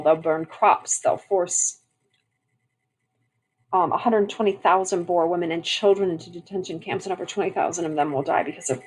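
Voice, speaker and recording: A woman gives a history lesson to her class. Her voice sits a bit low and has a soft, breathy edge. She talks casually, often stopping to restart a sentence or add a filler as she explains. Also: poor audio. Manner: conversational, frequent fillers and restarts. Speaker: teacher.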